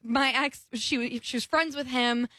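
A young woman co-hosting a casual chat show, chatty and lively, acting out the voices of people she quotes. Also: sits high, measured pace, dry recording, studio quality. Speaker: podcast co-host.

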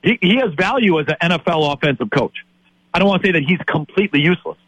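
A man's voice: a little high, lively intonation, fast, a bit bright, slightly rough, no echo, lo-fi sound. A man in his late fifties from Wisconsin, a sports talk host ranting in exasperation and tripping over repeated words. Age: 50s.

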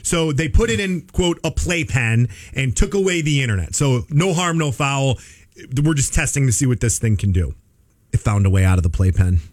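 A man's voice: mid-range voice, expressive, moderate pace. A man co-hosting a casual talk show, explaining a news story with everyday analogies. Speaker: podcast co-host. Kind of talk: casual chat.

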